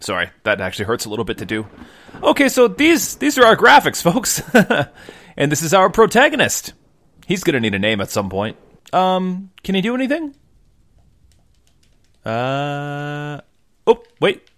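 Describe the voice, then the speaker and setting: A man's voice: a little high, huge pitch swings, normal speed, pauses often, a bit bright, dry recording, studio quality. A young man hosting a game video, chatting and joking to viewers while he plays on a desk mic. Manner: chatty, jokey, addresses viewers as folks. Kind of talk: casual gameplay commentary.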